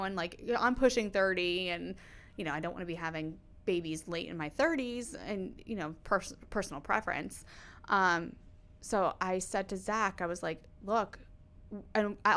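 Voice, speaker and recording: A woman's voice: fairly low pitch, a bit bright. Woman in her thirties telling a personal story. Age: 30s. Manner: emotional storytelling with many likes and you-knows. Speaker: podcast guest. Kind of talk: casual chat.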